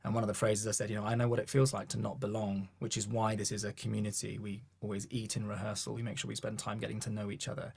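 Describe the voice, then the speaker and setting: A man's voice: on the low side, quick pace, vocal fry, hardly any pauses, slightly rough. A man with a posh southern English accent, a vocal coach telling stories in a podcast interview and acting out the voices of people he quotes. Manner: animated storyteller who acts out quoted voices. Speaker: vocal coach and gospel choir leader. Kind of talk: podcast interview, relaxed storytelling.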